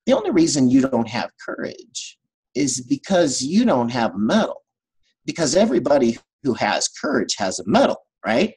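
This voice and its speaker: A man's voice: mid-range voice, big pitch swings, normal speed, a little mellow, slightly rough, full character voice. A man voicing a grandiose but kindly male wizard who breezily coaxes others while retelling a story in a training talk. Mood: coaxing. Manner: breezy, coaxing, hands out fixes.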